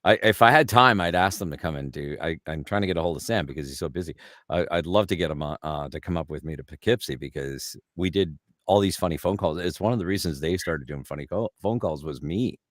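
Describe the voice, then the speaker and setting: A middle-aged voice actor in a casual interview, rambling through stories and laughing often, heard over a video call. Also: male voice, deep voice, quick pace, a bit bright, no room sound, clean studio sound. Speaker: voice actor guest.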